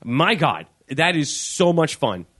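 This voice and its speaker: A man's voice: on the high side, sing-song, takes it slowly, a bit bright, no room sound, studio quality. A man from the United States co-hosting a casual podcast, rambling and swearing, with many fillers and restarts. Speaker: podcast co-host. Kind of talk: casual chat.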